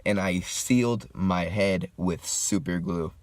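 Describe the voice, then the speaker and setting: A young man with a very low, gravelly voice tells a story in a relaxed, slangy way, swearing freely. He's high and smoking as he talks, and the sound is dry and close. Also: normal speed, dry recording. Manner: laid-back, slangy, profane. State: high, smoking while talking. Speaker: vlogger. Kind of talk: casual storytime.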